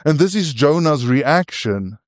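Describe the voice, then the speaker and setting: A man's voice: on the high side, expressive, unhurried, no echo, studio quality. A man preaching a sermon. He is earnest and often stumbles and restarts his phrases, and he turns to his listeners with asides.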